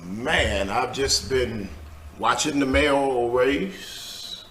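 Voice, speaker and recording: A pastor co-hosting a talk show in a bright voice with a gravelly edge. He teases playfully and chimes in with amens and agreement. The studio sounds roomy, with faint music behind him. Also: mid-range voice, very slow, a little hiss or hum. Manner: playful, teasing, affirming with amens. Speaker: pastor, co-host. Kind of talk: casual talk show chat. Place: studio set.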